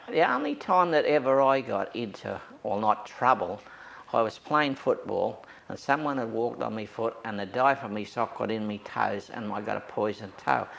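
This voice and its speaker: A man's voice: mid-range voice, vocal fry, a bit bright, slight background noise. An older Australian man telling anecdotes from his youth in an oral history interview, acting out the voices of the people he quotes.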